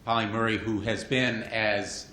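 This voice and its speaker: Man presenting awards at a conference, halting and formal, recorded off-mic in a noisy echoey hall. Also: on the low side, fairly even intonation, pushed and bright. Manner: formal, hesitant, stumbles over names. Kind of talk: conference announcement. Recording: roomy distant mic in a crowded hall.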